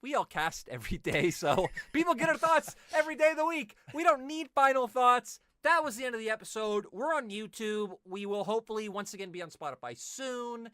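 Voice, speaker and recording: A man's voice: extremely high pitch, animated, a little fast, hardly any pauses, pushed and bright, smooth, no room sound, clean studio sound. A man hosting a casual podcast among casters, chatty and joking as he wraps things up. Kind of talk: casual chat.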